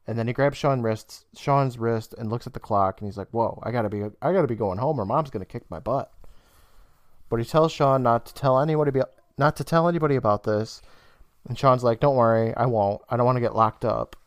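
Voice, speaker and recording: A man co-hosting a podcast, casually retelling a TV episode with laughter and quick quoted lines. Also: medium pitch, no room sound, studio quality. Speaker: podcast co-host. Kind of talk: casual recap chat.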